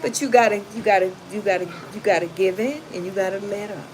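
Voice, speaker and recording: A woman's voice: medium pitch, fast talker. A woman, hosting a casual livestream, reading chat comments aloud and giving blunt, sassy advice. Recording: noisy home recording.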